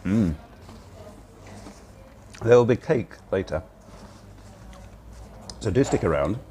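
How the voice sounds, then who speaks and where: An older man livestreams from a cozy cafe, rambling casually as he eats, recorded with a phone on a handheld gimbal. His voice is on the low side with a dark tone, animated yet slow. A little hiss or hum runs underneath.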